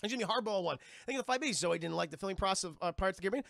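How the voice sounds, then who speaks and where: A man's voice: high voice, animated, very fast, gravelly, fairly bright tone, dry recording, clean studio sound. A man streaming a casual, profane, rambling movie recap to his chat.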